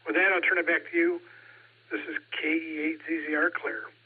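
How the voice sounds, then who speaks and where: A woman checking in on a ham radio net, relaxed and easygoing. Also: low voice, moderate pace, noisy background. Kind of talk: casual radio chat. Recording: tinny radio line, husky.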